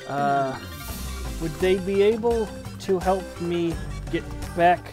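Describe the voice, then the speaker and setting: A woman's voice: fairly low pitch, expressive, takes it slowly. A woman playing a text adventure game, reading it aloud and tossing in wry, sweary asides. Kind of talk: reading aloud and commenting while typing. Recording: music playing underneath.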